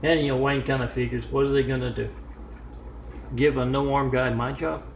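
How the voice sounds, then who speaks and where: A man telling a home-made story in a meandering way, full of "uh" pauses and side remarks, recorded in a room at home. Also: mid-range voice, steady tone, gravelly. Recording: echoey room with faint noise.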